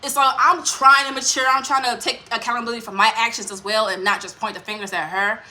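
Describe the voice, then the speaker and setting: A woman's voice: fairly high pitch, steady tone, quick pace, sharp tone. A woman vlogger telling a personal story in a candid, rambling way, with lots of swearing and fillers. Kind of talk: casual storytime monologue.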